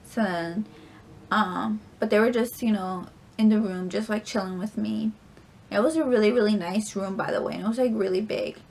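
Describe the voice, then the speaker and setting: A woman's voice: mid-range voice, steady tone, normal speed, gravelly, darkish tone. A young woman vlogger telling a story in a casual, rambling way, full of filler words and casual swearing.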